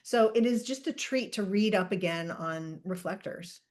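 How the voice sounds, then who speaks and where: A woman hosting a podcast in casual chat, animated and jokey, thinking aloud as she explains. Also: medium pitch, moderate pace. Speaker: podcast host and Human Design reader.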